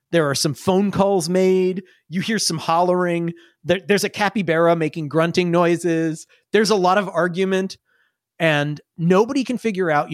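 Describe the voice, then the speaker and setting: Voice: mid-range voice, no room sound, studio quality. A game master narrating a tabletop game, rambling and often laughing.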